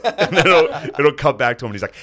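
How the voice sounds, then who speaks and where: A man co-hosting a comedy podcast in casual chat, with quick reactive banter and frequent laughter. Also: on the high side, very animated, a crowd in the background. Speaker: podcast co-host.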